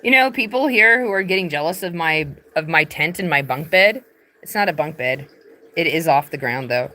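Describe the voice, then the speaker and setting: A woman's voice: low-pitched, animated, normal speed, sharp tone, a little hiss or hum. A woman streaming live from a tent, rambling irreverently in a casual, swearing comic chat. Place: in a tent, sitting on her bed.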